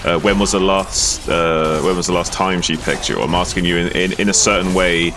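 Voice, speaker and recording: A man's voice: sits low, steady tone, moderate pace, background noise. A man streaming a game, chatting casually with friends and explaining his point at length, often restarting his sentences. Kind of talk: casual chat while gaming.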